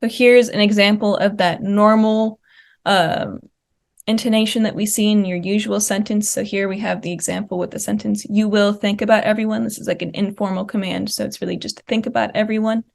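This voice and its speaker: A woman's voice: medium pitch, fairly even intonation, brisk, creaky, a little mellow. A young woman presenting linguistics research at a conference, explaining slide examples step by step with occasional fillers. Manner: uses fillers like uh and um.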